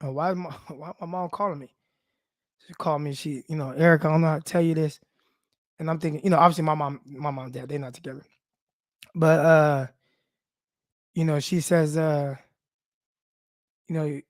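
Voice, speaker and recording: A man's voice: fairly high pitch, steady tone, normal speed, pauses often, no echo, studio quality. A young man hosting a sports podcast, talking loosely and personally with many fillers, teary-eyed as he speaks. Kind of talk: casual heartfelt monologue.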